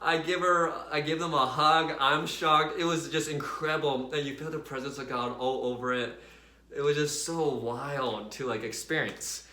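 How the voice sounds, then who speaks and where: A man casually telling a personal faith story to his viewers in a chatty, animated way, full of fillers. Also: a little high, moderate pace, roomy sound. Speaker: vlogger sharing a faith story.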